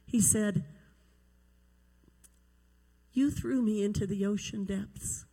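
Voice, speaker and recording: A woman's voice: mid-range voice, steady tone, slow pace, mellow, husky, long reverb tail, rough recording. A woman evangelist recovering from a cold recites a book of scripture from memory, telling it dramatically to a congregation.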